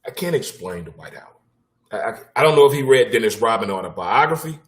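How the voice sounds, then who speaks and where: A man hosting a casual sports talk show, with a blunt, animated delivery, occasional swearing and punchlines he repeats for effect. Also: on the low side, brisk.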